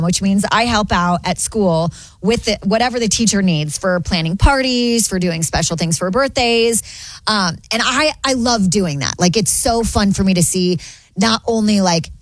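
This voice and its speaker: A woman's voice: medium pitch, moderate pace, no room sound. A woman in her thirties co-hosting a radio show, telling a story with lots of laughter and acted-out quotes. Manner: animated, laughs often, acts out quotes. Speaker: radio co-host. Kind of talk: casual chat, storytelling.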